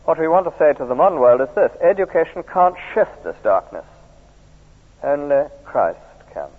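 Husky preacher, tinny echoey recording. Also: male voice, fairly high pitch, big pitch swings, normal speed. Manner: keeps drawing in listeners with tag questions. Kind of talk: sermon. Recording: tinny archive recording in a reverberant church.

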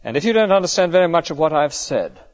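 A man's voice: fairly high pitch, sing-song, fast talker, dull audio. A male clergyman giving an earnest, conversational sermon full of rhetorical questions.

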